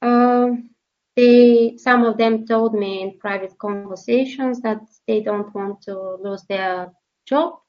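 Slow, halting woman journalist. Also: a little high, fairly even intonation, lo-fi sound. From Bulgaria. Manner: halting, many fillers and repeated words. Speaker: journalist, interview guest. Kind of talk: emotional interview testimony.

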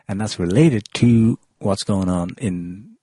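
A man with a low, husky voice hosts a relaxed panel talk. He rambles with ums and restarts. The sound is dry and close. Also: slow, no room sound. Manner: chatty, many ums and restarts. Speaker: podcast host. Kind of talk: casual panel discussion.

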